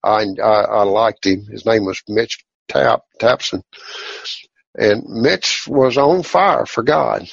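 A man tells his religious testimony in a folksy, plainspoken, halting way, on a dull lo-fi recording. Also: on the low side, creaky, slightly rough, no echo. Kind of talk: personal testimony storytelling.

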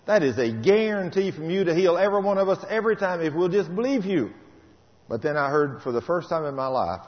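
A man delivers a testimony sermon as a story, his voice rising loud and then dropping quiet. He has a medium pitch. A long hall reverb trails behind the dull, lo-fi sound. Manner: dramatic, storytelling, swings between loud and soft. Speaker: preacher giving a testimony.

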